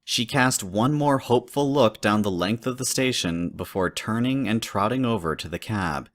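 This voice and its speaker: A man with a fairly low voice reads a spooky fanfic story aloud. His narration is steady and measured, unhurried storytelling. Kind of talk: fanfic horror story reading.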